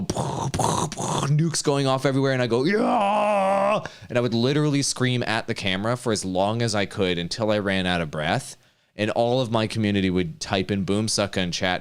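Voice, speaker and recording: A man coaching streamers in a casual chat, energetic and quick to act out hyped examples. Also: lowish voice, clear, resonant tone.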